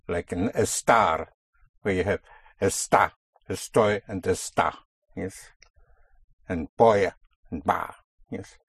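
A man's voice: lowish voice, slightly rough, no echo. A man teaching a language lesson, patiently explaining and drilling words, checking in with "yes?" as he goes.

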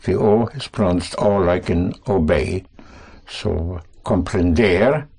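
A man teaching a language lesson to students, speaking slowly and patiently, prompting and correcting them. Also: deep voice, creaky, darkish tone, slightly rough. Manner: slow, patient, reassuring, repeats and corrects.

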